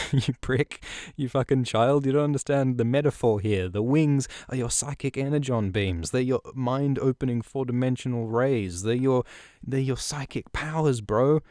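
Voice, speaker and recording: A cranky mystical crow spirit, male and out of patience, as a podcaster puts him on. He rattles off insults in a raised, quickened voice, well above the man's usual low register, and the sound stays smooth and dry. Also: warm tone, no echo, natural voice. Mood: exasperated. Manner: impatient, swearing, rapid ranting. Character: exasperated foul-mouthed crow mentor spirit, male.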